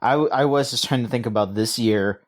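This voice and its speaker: A man's voice: mid-range voice, fairly quick. A man co-hosting a games podcast, talking in a loose, rambling way with frequent restarts and laughs. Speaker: podcast co-host. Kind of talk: casual chat.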